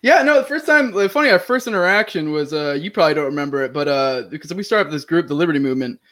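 A man's voice: fairly high pitch, lively intonation, quick pace, fairly bright tone. A man hosting a casual podcast, rambling and profane, with frequent giggles. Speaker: podcast host.

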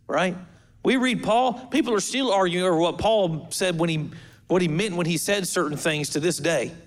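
A man preaching a sermon as pastor, in a humorous, conversational way with asides to the congregation. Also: high voice.

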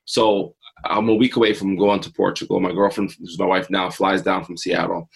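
A man's voice: deep voice, little pitch movement, normal speed, vocal fry, husky, poor audio. A man in his forties, an interview guest and mindset coach, telling a personal story earnestly and acting out his own past thoughts.

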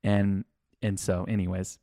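A man co-hosting a podcast, telling a long rambling story in a casual chat, animated and swearing now and then. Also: low voice, a little slow, vocal fry, no echo, studio quality. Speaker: podcast co-host.

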